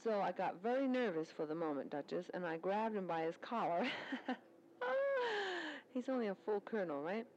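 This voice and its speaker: A woman's voice: on the low side, animated, normal speed, long pauses, a little mellow, highs cut off, slight background noise. A woman recording a spoken letter, chatting in a rambling, storytelling way about her work at a military service club.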